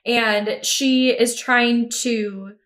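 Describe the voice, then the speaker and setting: A woman's voice: on the high side, steady tone, very slow, fairly bright tone. A woman co-hosting a podcast, retelling a movie plot in casual chat, swearing freely and acting out the lines. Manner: blunt, swears freely, laughs often, acts out lines. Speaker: podcast co-host.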